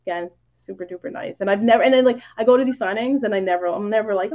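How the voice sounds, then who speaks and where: A woman's voice: medium pitch, fast, a little mellow, muffled recording. A woman guest on a podcast, telling stories in casual chat, full of "like" fillers and acted-out quotes. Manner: chatty, many "like" fillers, acts out quoted lines.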